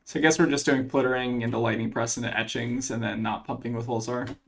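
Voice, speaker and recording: A man's voice: mid-range voice, steady tone, quick pace, a bit bright. A man commentating his own card game match, thinking aloud as he weighs each play, with plenty of fillers. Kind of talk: casual gameplay commentary.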